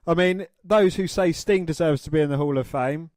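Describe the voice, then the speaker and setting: A man's voice: a little high, a little fast, darkish tone, no echo. A man co-hosting a casual podcast, eagerly giving opinions and reading news. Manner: eager, opinionated, says mate. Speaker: podcast co-host.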